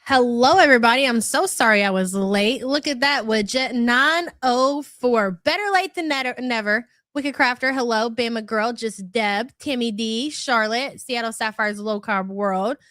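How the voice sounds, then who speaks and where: A woman with a bright, higher-pitched voice hosts a casual live stream while fighting a cold. She chats loosely, rattles off viewer names and calls people hun. The sound is close and dry, with no room echo. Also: moderate pace, hardly any pauses. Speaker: livestream host.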